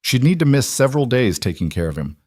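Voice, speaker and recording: A man narrating a scripted story in a steady, somber way, close to the mic. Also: medium pitch, fast, dry recording.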